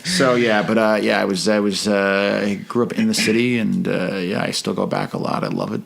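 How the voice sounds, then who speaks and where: Man, forties, from Chicago, gravelly, lowish voice, animated storyteller, loud profane rants. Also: fairly quick. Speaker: guest. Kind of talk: casual podcast chat.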